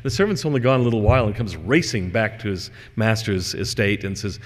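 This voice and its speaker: A man with a fairly low voice lectures in a relaxed, conversational way and slows down to read scripture verses. His voice echoes with the long reverb of a large hall.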